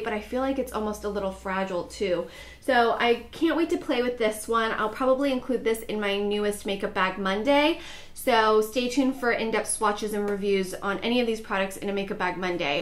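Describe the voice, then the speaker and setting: Chatty young woman vlogger, slightly high voice. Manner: chatty, upbeat, filler-heavy with frequent "like". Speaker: beauty vlogger. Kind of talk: casual haul vlog.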